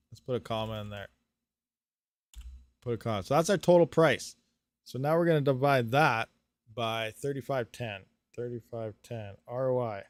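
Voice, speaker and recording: A man's voice: medium pitch, no echo. Guy streaming crypto stuff, gets hyped and laughs a lot, dry close sound. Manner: excitable, talks through calculations, frequent laughs. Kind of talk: live stream chat, thinking aloud.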